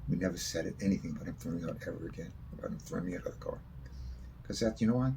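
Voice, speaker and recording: A man's voice: deep voice, very fast, gravelly, noisy background. A man telling a long, rambling personal story in a casual spoken way, swearing freely.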